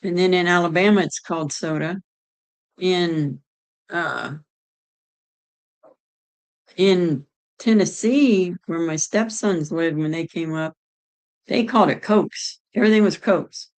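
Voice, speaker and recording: Middle-aged woman from Ohio, casual streamer, rambling chat, low-pitched. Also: slow pace, pauses often, low-quality recording. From Ohio, United States. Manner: chatty, rambling, answers chat aloud. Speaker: streamer chatting with viewers.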